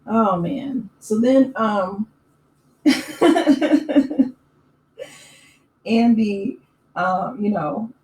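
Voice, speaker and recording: A woman hosting a casual recap channel, chatting in an opinionated way with lots of fillers and quick laughs. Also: on the high side, animated, a little mellow. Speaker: YouTube recap host. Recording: echoey room with faint ambient noise.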